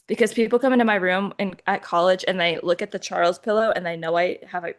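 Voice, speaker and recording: A woman's voice: on the low side, fairly even intonation, quick pace. A young college-age woman co-hosting a podcast, telling stories in casual chat. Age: young adult. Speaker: podcast co-host.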